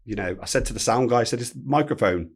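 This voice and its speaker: A man, telling a story as a podcast guest, animated and swearing freely. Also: mid-range voice, quick pace, slightly rough. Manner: animated anecdote-telling, swears freely, acts out quoted speech. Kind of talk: casual storytelling.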